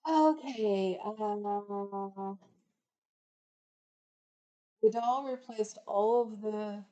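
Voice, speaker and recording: A woman's voice: medium pitch, drawn-out words, pauses often, warm tone, low-quality recording. A middle-aged woman from California hosting a livestream, chatting casually and reading viewer comments aloud. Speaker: livestream host reading chat. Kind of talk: casual rambling chat.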